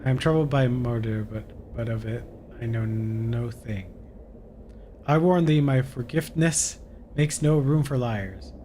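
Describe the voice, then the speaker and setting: A man's voice: mid-range voice, measured pace, dark tone, a little hiss or hum, close to an everyday voice. A man voicing solemn talking trees in a video game, speaking in stilted, archaic storybook phrasing.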